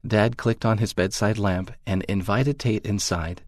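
A man narrating a magazine story aloud in a calm, measured, even reading. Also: lowish voice, no echo, clean studio sound.

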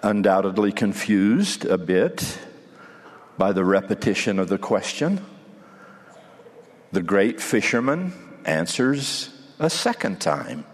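A man giving a sermon in a measured way, with dramatic pauses, in a hall with a long echo. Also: on the low side, lively intonation. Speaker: preacher.

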